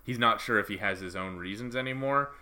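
A man co-hosting a casual review podcast, recapping plot points in a steady, explanatory way. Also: fairly low pitch, brisk. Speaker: podcast co-host. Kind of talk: casual anime review chat.

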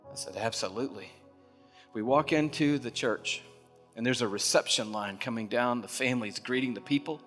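A man preaching a sermon, telling a story in a hushed voice, then building to loud impassioned preaching. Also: mid-range voice, moderate pace. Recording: long reverb of a large hall, music behind.

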